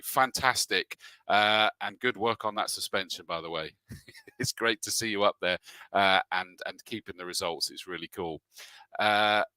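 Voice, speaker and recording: A man's voice: fairly low pitch, bright, forceful tone, dry recording. A man hosting a casual live stream, reading out viewers' comments and chatting back to them in a friendly way. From England. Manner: friendly, reads out names then chats back. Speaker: host and race commentator.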